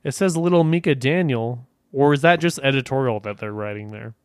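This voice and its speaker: A man's voice: medium pitch, fairly quick, clean tone, no echo, studio quality. A man co-hosting a casual comedy podcast, crude and joking, reading a news story aloud with mocking asides. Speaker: podcast co-host.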